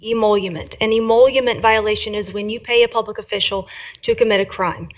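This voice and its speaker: A woman giving prepared public comment at a county meeting, speaking quickly in a formal, legalistic way. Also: medium pitch, fairly even intonation. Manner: fast, formal, legalistic delivery.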